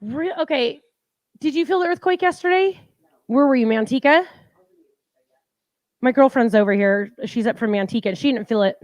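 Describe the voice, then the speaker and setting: Chatty high-voiced woman, dry sound. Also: normal speed, long pauses, no echo. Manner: chatty, teasing, laughs often. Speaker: co-host. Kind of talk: casual live-stream chat.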